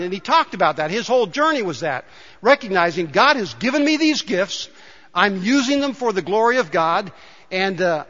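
Man, pastor, sermon, emphatic calls to the congregation, high bright voice, long church reverb, muffled sound. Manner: rises to emphatic calls to the congregation, tells jokes. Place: church sanctuary.

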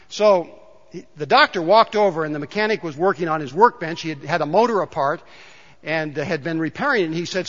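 A pastor speaks fairly quickly in a high, bright, forceful voice, joking with his congregation and rising to emphatic calls during the sermon. The sanctuary recording is dull with a long, hall-like reverb.

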